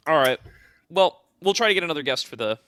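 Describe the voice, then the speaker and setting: A young man hosting an esports podcast in a casual, upbeat way, laughing often and wrapping up with quick sign-off patter. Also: fairly high pitch, expressive, background noise. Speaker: podcast host.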